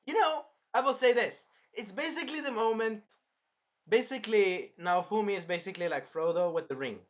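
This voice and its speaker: A man co-hosting a casual review chat, excitable and breaking into shouted impressions of scenes. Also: high voice, fairly quick. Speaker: anime review co-host.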